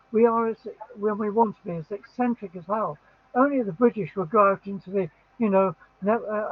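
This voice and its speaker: A man's voice: sits high, breathy edge, no echo. An older man chatting casually and reacting with rambling enthusiasm, full of restarts. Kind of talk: casual chat reacting to a song. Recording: tinny phone-like line.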